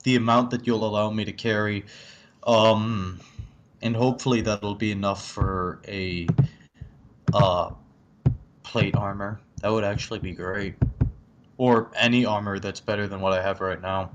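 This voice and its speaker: A man's voice: on the low side, steady tone, measured pace, slight background noise. A man playing a tabletop game from home, talking casually and eagerly, thinking aloud with many fillers. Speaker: player.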